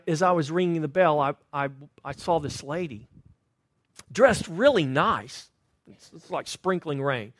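A man preaching a sermon as pastor in a church, telling stories animatedly and swinging from loud to hushed. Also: high-pitched, dry recording, clean studio sound. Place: church sanctuary.

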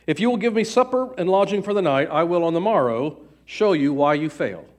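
A man voicing a wise old male traveler who speaks slowly and calmly in a storybook reading. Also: high voice.

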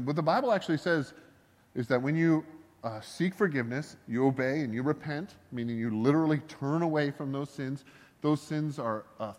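A man preaching a sermon as a pastor, talking in a loose, conversational way with jokes and self-deprecating asides. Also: mid-range voice. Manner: conversational and joking, with laughs and asides. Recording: long hall reverb.

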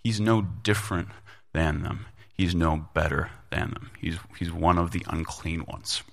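A man's voice: low voice, fairly even intonation, measured pace, creaky, fairly bright tone. A male pastor preaching a sermon to his congregation in a conversational way, often repeating words for emphasis.

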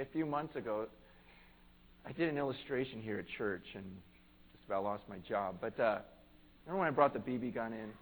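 A pastor preaching a conversational sermon in church, earnest and plain-spoken, swelling to emphatic peaks. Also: male voice, medium pitch, creaky, rough recording.

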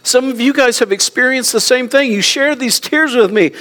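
A middle-aged male pastor preaching a sermon in a high, earnest voice. He is emotional and near tears, dropping soft and low before rising again to press a point. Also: normal speed. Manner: earnest, preaching with wide swings between soft and raised passages.

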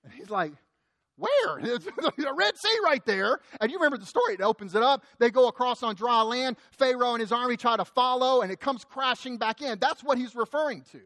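A man preaching a sermon, conversational and anecdotal, slowing down to read scripture with emphasis. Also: extremely high pitch, animated, fairly bright tone, no echo. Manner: anecdotal, with acted asides. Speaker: pastor.

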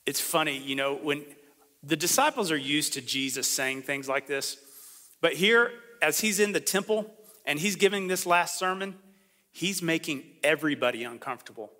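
A fairly high, bright male voice carries through a church sanctuary with a long reverb trailing each phrase. He preaches in a loose, conversational way and slips into the voices of the people he quotes. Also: expressive, normal speed. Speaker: pastor. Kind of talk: sermon.

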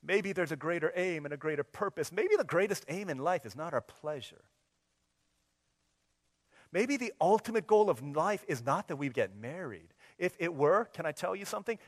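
Animated higher-voiced male preacher. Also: normal speed, big-room sound. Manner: animated, swings from soft to loud and exclaiming; humorous, plays out scenes in quoted dialogue. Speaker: pastor. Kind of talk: sermon with storytelling.

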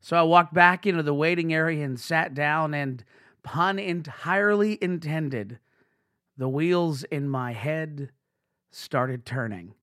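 A man's voice: a little high, slow pace, sharp tone, no echo. A young man hosting a podcast, telling a self-mocking everyday story in a chatty, storytelling way. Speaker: podcast host.

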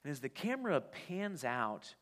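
A man's voice: a little high, very animated, normal speed, fairly bright tone. Man preaching in a reverberant hall. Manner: conversational storytelling, frequent restarts. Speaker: pastor. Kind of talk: sermon. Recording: long church-hall reverb.

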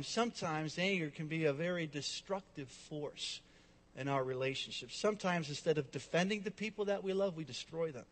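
A man with a notably high voice delivers a sermon, swinging between loud, emphatic lines and quiet, hushed ones. His words ring out with a long reverb, as in a large hall. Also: expressive, moderate pace. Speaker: pastor.

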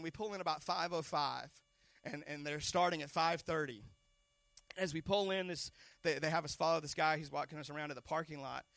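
Gravelly animated preacher man. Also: on the high side, no echo. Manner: animated storytelling with repeated words. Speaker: pastor. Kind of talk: storytelling sermon.

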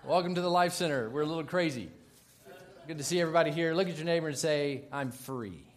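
A man preaching a sermon to his church in an energetic, joking way, loud at times. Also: a little high, quick pace. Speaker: pastor. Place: church in Baltimore.

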